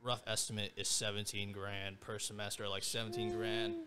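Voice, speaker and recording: A man's voice: on the low side, level tone, moderate pace, bright, forceful tone, slight background noise. Slangy young man telling a story. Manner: slangy, fills with "bro" and "like". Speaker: podcast guest. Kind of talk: casual personal storytelling.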